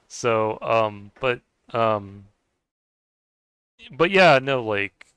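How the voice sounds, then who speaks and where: A man's voice: medium pitch, animated, very slow, a bit bright, clear, resonant tone, no room sound, low-quality recording. A man streaming a game, chatting casually to viewers and rambling with many restarts. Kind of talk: casual chat while gaming.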